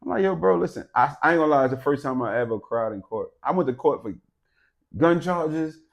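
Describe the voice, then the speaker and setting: Animated storytelling man, loud to hushed. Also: a little fast, gravelly, lo-fi sound. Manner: animated, swings from loud to low and quiet, swears, laughs. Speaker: podcast co-host. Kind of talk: casual storytelling chat.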